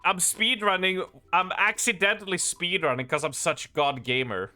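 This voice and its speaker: A man's voice: sits high, moderate pace, bright, forceful tone, soft background music. A male streamer chatting casually with his viewers during a live game stream, joking and rambling as he goes. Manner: joking, rambling, often laughing at himself. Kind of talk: casual live-stream chat while gaming.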